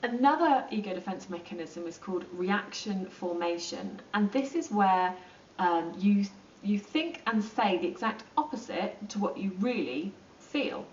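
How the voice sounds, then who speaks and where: A woman explaining psychology in a relaxed, chatty lesson, with plenty of ums and acted-out asides. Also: medium pitch, measured pace, slight background noise. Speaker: psychology teacher. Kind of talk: informal lesson explaining to camera. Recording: roomy, distant and dull.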